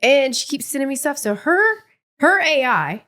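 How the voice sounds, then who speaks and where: A woman's voice: sits high, very animated, normal speed, bright, forceful tone. A woman in her forties co-hosting a podcast, telling a story in casual chat with lots of laughter. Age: 40s. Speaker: podcast co-host.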